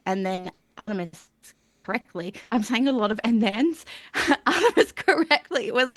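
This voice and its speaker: A woman recaps a tabletop role-playing session for a live stream. Her voice sits slightly high and sounds dry and close. She rambles and giggles, linking everything with "and then". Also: normal speed, dry recording. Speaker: player recapping the last session. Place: home streaming setup.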